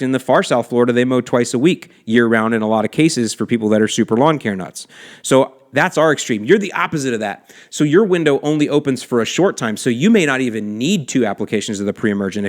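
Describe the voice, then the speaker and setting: A man hosting a lawn care podcast, explaining soil temperatures in a chatty, enthusiastic way with slangy asides. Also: mid-range voice. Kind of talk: casual explanatory podcast talk. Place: lives in South Florida.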